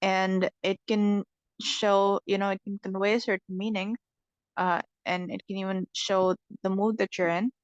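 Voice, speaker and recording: A woman's voice: medium pitch, dry recording, muffled recording. A woman teaching an English lesson. She explains patiently, step by step, and often checks whether her student understands.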